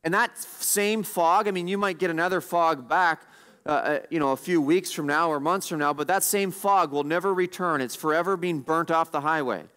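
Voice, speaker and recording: Pastor, male, high-pitched, earnest sermon delivery, questions the congregation, slows to stress scripture. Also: a bit bright, clean tone. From Canada.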